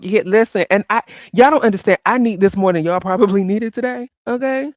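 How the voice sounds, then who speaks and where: A woman's voice: mid-range voice, normal speed, no room sound, highs cut off. A woman hosting a casual livestream chat, talking to viewers by name and laughing often. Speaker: livestream host.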